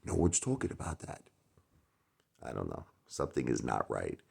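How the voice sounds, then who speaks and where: Deep-voiced man in an animated rant. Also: moderate pace, gravelly, breathy edge. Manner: animated, rhetorical, jumps between loud and mumbled asides. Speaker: YouTube channel host. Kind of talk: casual opinion monologue.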